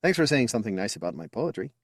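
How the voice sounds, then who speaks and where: A man's voice: medium pitch, sing-song, very fast, dry recording, studio quality, voice pushed up. A man voicing an eager, boastful young man who talks proudly and affectionately about his little brother. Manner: upbeat, chatty and affectionate.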